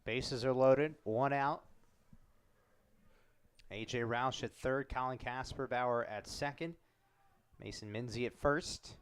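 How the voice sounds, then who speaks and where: A man announcing live baseball play-by-play, calling each pitch in short measured phrases. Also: steady tone, clear, resonant tone.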